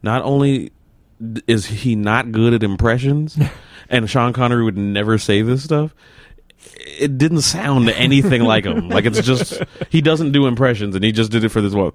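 A man's voice: medium pitch, normal speed, no room sound, studio quality. A man, a comedian chatting casually among friends, rambling through stories and laughing as he goes. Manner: rambling, laughs mid-story. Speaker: comedian and show promoter. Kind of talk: casual banter between comedians.

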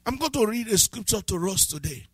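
Fervent high-voiced man preaching. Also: expressive, brisk, husky, no room sound. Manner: fervent preaching that swings from low asides to shouted, half-sung lines; breaks into speaking in tongues. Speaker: pastor. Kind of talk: sermon.

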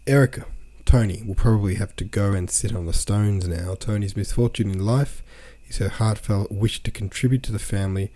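Husky, low-voiced man ranting about prose. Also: a little fast, few pauses, mellow. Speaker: podcast host. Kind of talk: reading a novel aloud with commentary.

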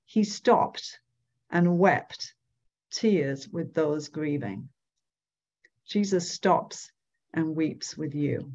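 A woman giving devotional Bible teaching, reading scripture aloud and explaining it slowly. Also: sits low, a little mellow, dull audio. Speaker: speaker at a church gathering.

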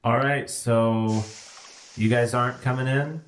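A man's voice: mid-range voice, steady tone, a little slow, slight background noise, lightly acted. A man playing a laid-back guy at a spa who invites two strangers into the sauna, talking in an unbothered, easygoing way. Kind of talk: improv comedy role-play.

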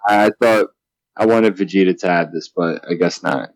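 A man's voice: deep voice, normal speed, no room sound, low-quality recording. A man in casual chat, easygoing, asking questions and thinking aloud. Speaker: podcast co-host.

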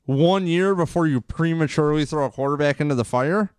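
A man rants casually into a close microphone, rambling and then getting fired up and cursing. His voice is smooth and clear, and the recording sounds dry and close with no room echo. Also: on the high side, a little fast. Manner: rambling, gets fired up and swears. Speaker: podcast host. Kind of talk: casual sports rant.

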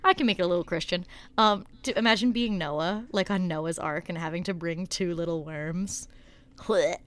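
Expressive woman podcast co-host. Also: lowish voice, moderate pace, clean tone. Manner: expressive, swears casually. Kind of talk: casual chat.

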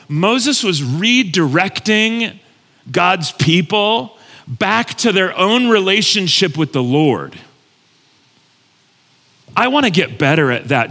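A man's voice: a little high, pushed and bright. A man preaching a sermon as pastor, earnest and conversational, repeating phrases for emphasis. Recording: long hall reverb.

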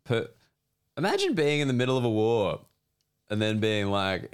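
A man's voice: mid-range voice, sing-song, moderate pace, smooth. An Australian man, a comedian guest on a podcast, rambling in loose, sweary casual chat.

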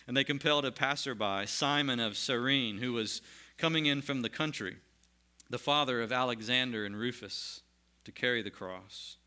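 A male pastor with a bright, forceful voice delivers a sermon in an earnest, emphatic style. He reads scripture aloud between points at a mid pitch for a man.

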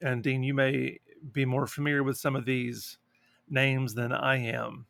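A man's voice: medium pitch, measured pace, gravelly, dry recording. A man co-hosting a board game podcast, chatting casually and jokingly reading out listener responses. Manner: relaxed, joking, reads listener responses aloud. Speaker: podcast co-host. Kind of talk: casual chat.

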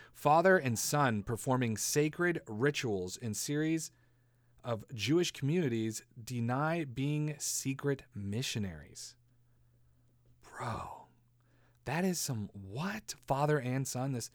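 A man's voice: medium pitch, a bit bright, no room sound. Dry-miked man riffing on a comedy podcast. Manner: rambling, sarcastic, laughs at own jokes; swears casually, slips into silly voices. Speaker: podcast host.

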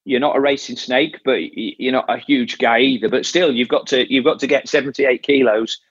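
A man's voice: medium pitch, steady tone, a little fast, husky, no echo, lo-fi sound. A man coaching an athlete in casual talk, explaining step by step and often restarting his phrases. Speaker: triathlon coach.

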